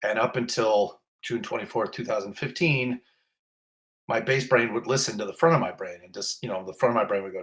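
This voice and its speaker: A middle-aged man, a fire captain, telling a story in a casual interview, animated and self-mocking as he acts out what people said. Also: on the low side, fairly quick.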